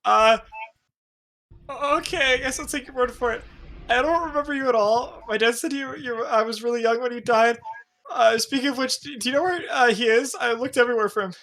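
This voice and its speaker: A man's voice: extremely high pitch, brisk, sharp tone, exaggerated voice. A man reading as a nervous, earnest young boy who talks hesitantly with many stalls. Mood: startled. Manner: hesitant, full of uhs and restarts. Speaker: reader in a group readthrough. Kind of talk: live unscripted fan script reading.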